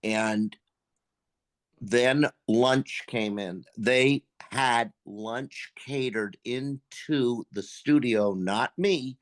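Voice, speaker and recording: Older man, voice actor guest, casual storytelling, profane, animated, middle pitch. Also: extremely slow. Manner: profane, animated, acts out quotes.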